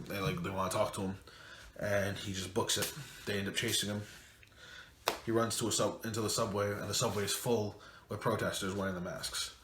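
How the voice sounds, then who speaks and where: A man's voice: on the low side, fairly bright tone. A man retelling a film's plot in a loose, rambling way with casual swearing. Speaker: movie reviewer. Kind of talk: casual movie recap. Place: home room, late at night. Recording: echoey room with faint noise.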